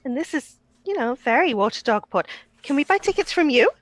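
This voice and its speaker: A woman playing a tabletop game, enthusiastic and full of quick questions. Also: high voice, big pitch swings, over a noisy crowd. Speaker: player. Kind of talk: casual tabletop play.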